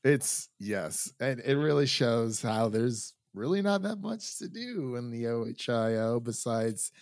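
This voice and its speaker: A man's voice: mid-range voice, expressive, a little slow, a little mellow, dry recording, studio quality. Chatty young man hosting a podcast. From Ohio. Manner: chatty, laughs often, many fillers. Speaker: podcast host. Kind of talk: casual podcast chat.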